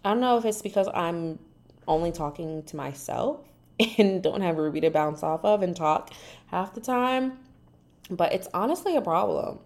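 A woman's voice: fairly low pitch, normal speed. A woman hosting a podcast on her own, chatting casually and sassily, acting out other people's lines in exaggerated voices. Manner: animated, sassy, acts out quotes in exaggerated voices. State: dry mouth. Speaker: podcast host. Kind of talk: casual solo recap chat.

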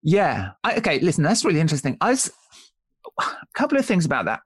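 A man's voice: fairly high pitch, wildly swooping pitch, fast talker, slightly rough, dry recording. Man explaining with restarts, dry close sound. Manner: thoughtful, explains with many restarts and "right?" checks. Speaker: author and guest. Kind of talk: conversational podcast interview.

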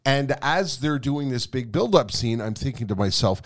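A man co-hosting a podcast, telling a story in a casual, animated way and often laughing through his words. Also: medium pitch, normal speed, few pauses. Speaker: podcast co-host.

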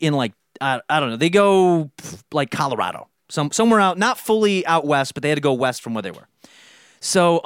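A young man in casual chat, rambling through a movie pitch and acting out the lines of its characters. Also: a bit bright, clean tone, dry recording. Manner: rambling storyteller, acts out quotes. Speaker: podcast co-host pitching a movie idea.

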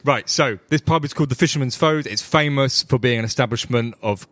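A man's voice: medium pitch, a little fast, a bit bright. A man narrating as game master, chatty and laughing between lines.

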